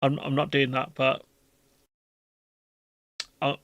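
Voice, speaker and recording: A man's voice: mid-range voice, completely flat delivery, slow pace, fairly bright tone, no echo, dull audio. A man, hosting a live stream and chatting casually with his viewers in a jokey, rambling, slangy way.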